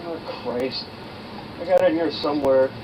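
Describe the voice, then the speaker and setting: An actor playing a belligerent, swearing suspect in an old police training video. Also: male voice, on the high side, normal speed, lo-fi sound, natural voice. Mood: defiant. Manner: hostile, swearing, defiant. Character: belligerent adult male suspect with a knife. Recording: distant, noisy old video sound.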